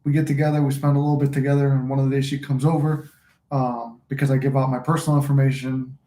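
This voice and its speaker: Male host, rambling casual livestream talk, flat and mellow, roomy phone sound. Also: medium pitch, quick pace. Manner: rambling, loose and profane. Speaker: manifesting channel host. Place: room at home, smoking a cigar. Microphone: phone recording. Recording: echoey room.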